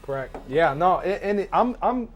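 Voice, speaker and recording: A man, a guest in a barbershop chair, casually telling a lively family story and acting out the voices in it. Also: sits high, normal speed, soft background music. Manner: animated, acts out family dialogue.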